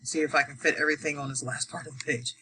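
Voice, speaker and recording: A woman walks learners through a math problem one step at a time. She counts out loud, pauses often, and talks in an easy, unhurried way. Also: sits low, steady tone, a little hiss or hum, rough recording. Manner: talks through each step, counts aloud, frequent fillers. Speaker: adult education math teacher.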